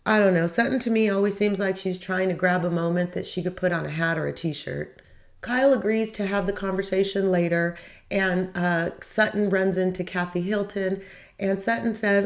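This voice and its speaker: A woman's voice: mid-range voice, steady tone, moderate pace. A woman hosting a podcast, recapping a reality show in a casual, opinionated way with wry asides and rhetorical questions. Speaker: podcast host.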